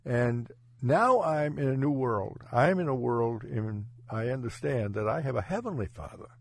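A man who is a pastor, telling his faith story in an earnest, halting way with frequent restarts. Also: medium pitch, animated, creaky. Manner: halting, self-correcting, earnest. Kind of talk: personal testimony in conversation.

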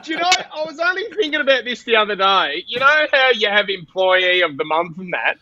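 Excitable high-voiced Australian man. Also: a little fast, highs cut off, a loud crowd. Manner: excitable, laughs easily. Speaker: podcast guest. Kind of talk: casual chat.

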